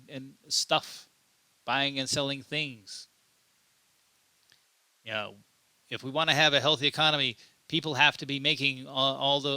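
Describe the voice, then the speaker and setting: A man delivering an unscripted commentary monologue, pressing his points with emphasis and stumbling over repeated words as he goes. His voice is strongly bright and forward, and the recording is very dry and close. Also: medium pitch, no echo. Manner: repeats himself and restarts often, emphatic. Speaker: political commentary host.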